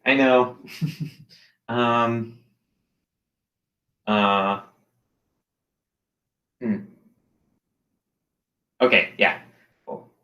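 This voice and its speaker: A young man leads a casual virtual arts lesson. His voice has a bright, forward edge, and he stays upbeat, filling pauses with lots of ums and uhs. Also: medium pitch, steady tone, dull audio. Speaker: expressive arts teacher.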